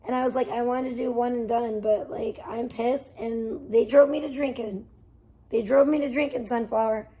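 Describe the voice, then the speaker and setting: A woman livestreaming, ranting in a profane, defensive way that swings between muttering and loud outbursts. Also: on the high side, steady tone, normal speed, slightly rough. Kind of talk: casual livestream rant.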